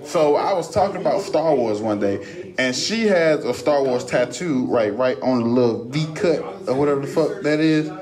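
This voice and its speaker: A man's voice: medium pitch, expressive, moderate pace. A man hosting a podcast live at a bar, telling profane stories with lots of laughter. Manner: loud laughing, storytelling, profane. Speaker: podcast host. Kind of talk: raunchy casual chat. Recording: far from mic, crowd noise.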